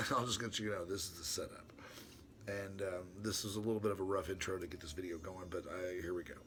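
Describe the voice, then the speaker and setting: Man with a lowish voice, host reading his own letter aloud, halting delivery with plenty of restarts and asides. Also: steady tone, bright, forceful tone, slight background noise. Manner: hesitant, many restarts and fillers; chuckles to himself between passages. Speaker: channel host.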